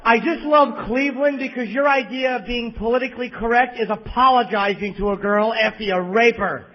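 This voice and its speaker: On stage at a comedy club, a very high-pitched man from New Jersey on the US East Coast rants abrasively and profanely at the crowd, talking a little fast. It's a lo-fi bootleg recording with slight background noise and faint crowd sounds.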